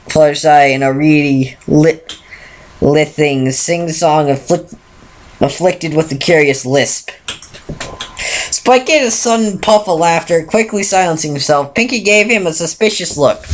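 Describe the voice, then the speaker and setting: A woman with a fairly low voice reads a pony fan story aloud. Her reading is unpolished and full of stumbles and restarts, and she pushes on through each slip. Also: unhurried, slight background noise, poor audio. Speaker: fan fiction reader.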